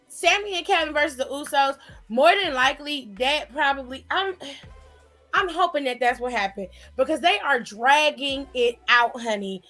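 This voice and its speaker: High-pitched and somewhat bright, this woman runs a relaxed live stream, chatting playfully and reading out viewer comments. Her manner is familiar, and she calls her viewers honey and child.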